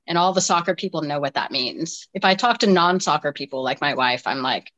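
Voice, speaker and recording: A woman's voice: fairly low pitch, fast talker, hardly any pauses, fairly bright tone, highs cut off. A woman in her forties, a deaf soccer player from the United States, chatting in an interview and telling stories animatedly with frequent restarts and laughter. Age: 40s. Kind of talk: casual interview chat.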